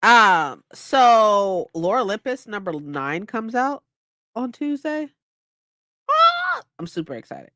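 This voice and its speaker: A woman's voice: fairly high pitch, wildly swooping pitch, takes it slowly, bright, forceful tone, dry recording. A woman in her twenties casually chatting on a livestream, playful and mock-dramatic as she reads her chat aloud. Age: 20s. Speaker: livestream host.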